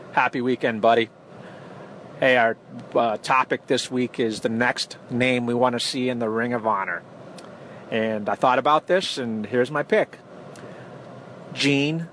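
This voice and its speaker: A man calling in to a sports podcast, excitedly recalling radio calls and acting a few of them out. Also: mid-range voice, slight background noise. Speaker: caller. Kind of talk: recorded call-in message.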